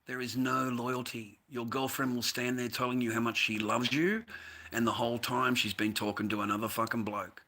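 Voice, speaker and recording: Bright-voiced Australian man, swearing and rambling. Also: mid-range voice, level tone, normal speed. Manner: profane, repetitive, addresses the listener as mate and bro. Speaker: vlogger recounting a story. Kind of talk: casual rambling monologue.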